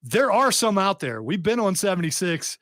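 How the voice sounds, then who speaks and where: A man's voice: sits high, sing-song, normal speed, a bit bright, no echo, clean studio sound. A man hosting a radio talk show, chatting casually with a rambling, restarting way of talking. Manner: rambling, many restarts and fillers. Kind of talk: casual group chat on radio. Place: radio studio.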